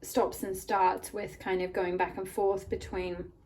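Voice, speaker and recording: A woman with a croaky voice from a cold, giving a rambling pick-a-card tarot reading full of "like" and "um". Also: medium pitch, little pitch movement, unhurried, darkish tone. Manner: rambling, many "like" and "um" fillers. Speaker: tarot reader. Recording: voice a bit far from the mic, faint room noise.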